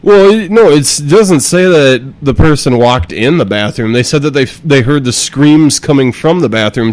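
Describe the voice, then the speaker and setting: A man's voice: medium pitch, animated, moderate pace, few pauses, darkish tone, low-quality recording. A man hosting a podcast, reading a news story aloud and riffing on it, swearing and laughing often. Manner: profane and joking, laughs often, reads with fillers. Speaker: podcast host.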